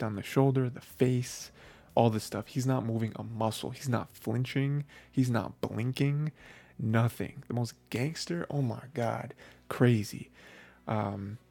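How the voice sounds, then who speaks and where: Male host, mid-pitched, with some fry; chatty, excitable recap delivery. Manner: rambling, heavy on filler phrases, excitable. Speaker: podcast host. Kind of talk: casual anime episode recap.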